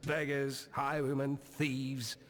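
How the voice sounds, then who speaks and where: Gruff male camp trader in a fantasy game, voiced by a man, curt and grumbling, mid-pitched. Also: level tone, slow, a crowd in the background, natural voice.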